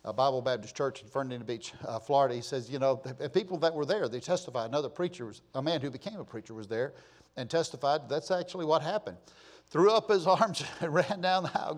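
A fast-talking older pastor with a medium-pitched voice moves through his sermon from casual storytelling to passionate, emphatic exhortation, ending in impassioned crying out.

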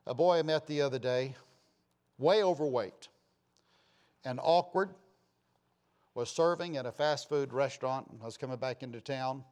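A man preaching a sermon with passion, swinging between loud declarations and soft asides and posing rhetorical questions to his listeners. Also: medium pitch, moderate pace, long pauses.

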